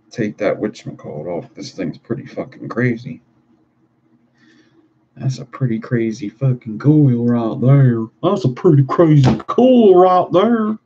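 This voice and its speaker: A man's voice: on the low side, a little slow, dark tone. A man streaming live while he builds coils, talking in a loose, profane way with his viewers. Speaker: livestreamer building vape coils. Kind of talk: casual livestream chat. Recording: dull lo-fi stream audio with faint noise.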